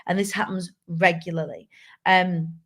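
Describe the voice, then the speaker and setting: A woman's voice: fairly low pitch, steady tone, unhurried, a bit bright. A woman hosting a live show, talking candidly and chattily to viewers and reading out their comments. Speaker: live show host and speaker. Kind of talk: casual live-stream talk.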